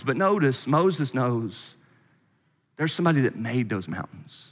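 A man preaching a sermon as a pastor, emphatic and repetitive, often dropping suddenly to a quiet voice. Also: sits high, long reverb tail.

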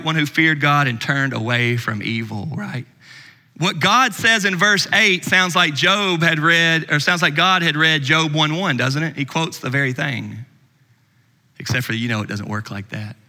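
A man preaching a sermon as pastor, swinging between loud emphasis and hushed asides. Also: on the high side, long reverb tail.

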